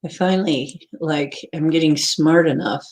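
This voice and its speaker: A woman's voice: deep voice, a little slow, darkish tone. A woman hosting a live stream in a casual, rambling way, greeting viewers by name and chatting before a craft lesson. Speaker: livestream host.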